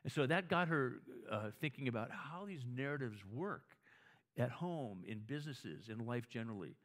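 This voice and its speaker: A man's voice: medium pitch, animated, moderate pace, fairly bright tone. A man preaching a conversational sermon, telling stories, often restarting his words and asking the audience whether they agree. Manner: storytelling, asks the audience for agreement; frequent restarts and repeated words.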